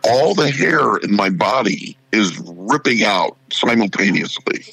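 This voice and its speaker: A man telling a funny story in a casual interview, animated and acting out the other people's lines. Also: lowish voice, a little slow, vocal fry, breathy edge, dry recording, rough recording. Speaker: radio morning show personality.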